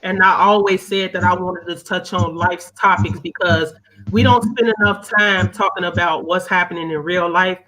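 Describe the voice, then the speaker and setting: A woman's voice: fairly low pitch, steady tone, moderate pace, crowd noise, rough recording. A woman hosting a talk podcast, speaking in a heartfelt, emphatic way about the show's purpose and thanking her guest. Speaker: podcast host. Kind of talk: casual talk show chat.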